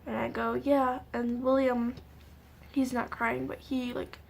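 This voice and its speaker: Young woman vlogger, high voice with a flat, narrow melody, halting and tearful storytime delivery, faint background hiss. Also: creaky. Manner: halting, tearful retelling with many fillers. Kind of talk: emotional storytime vlog.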